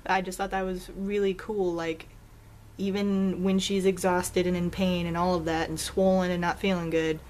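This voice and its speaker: A young woman talks to her viewers in a loose, chatty vlog. She tells a story with animated swings in pitch and bursts of laughter. She jumps up high whenever she acts out a quote. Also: moderate pace, slight background noise. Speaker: vlogger.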